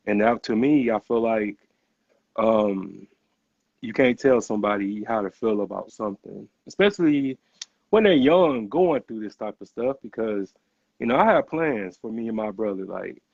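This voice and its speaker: A young man in casual conversation, earnest and halting, stumbling over his first words. His voice has a gravelly edge, close and dry, on slightly muffled podcast audio. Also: fairly low pitch, animated, darkish tone, dry recording. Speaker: podcast host.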